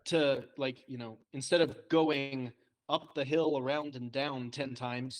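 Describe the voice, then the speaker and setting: Young guy on a podcast, mid pitch, chatty and self-mocking, laughs a lot. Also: steady tone, measured pace. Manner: chatty, self-deprecating storyteller, laughs often. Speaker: co-host, trainee. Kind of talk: casual podcast chat.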